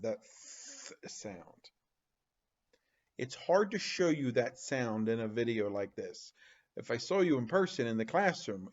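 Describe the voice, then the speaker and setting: A man teaching a phonics lesson to young children, slowly drawing out each sound and asking questions in an animated, exaggerated way. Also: medium pitch, highs cut off.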